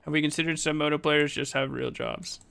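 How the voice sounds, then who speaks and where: Bright, crisp-voiced male streamer. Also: on the high side, steady tone. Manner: talks back to chat, quick and argumentative. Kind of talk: live-stream chat while playing a card game.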